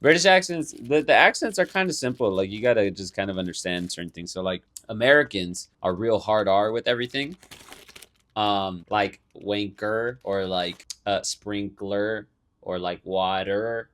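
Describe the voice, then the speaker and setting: A man's voice: on the low side, moderate pace, a bit bright. A young man co-hosting a podcast in casual chat, teasing, laughing a lot and explaining at length. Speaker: podcast co-host.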